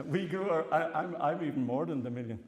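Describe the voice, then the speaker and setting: A man's voice: a little high, fairly quick, in a large hall, background noise. A man in his sixties with an Irish accent, giving a chatty public lecture full of anecdotes and his own laughter. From Ireland. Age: 60s. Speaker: professor. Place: lecture hall.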